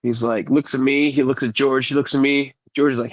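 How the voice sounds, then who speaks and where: A man's voice: mid-range voice, little pitch movement, brisk, dry recording, highs cut off. A man who is sick, co-hosting a podcast and telling profane, laid-back stories in casual chat. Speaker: podcast co-host.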